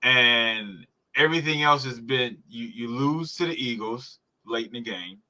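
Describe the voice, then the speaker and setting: A man on a sports podcast, his voice strikingly bright and sharp, riffing heatedly on a live game. He swears casually and keeps circling back to press his argument. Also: medium pitch, unhurried. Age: adult parent. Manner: profane, heated sports rant. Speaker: podcast host. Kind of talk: live football reaction chat.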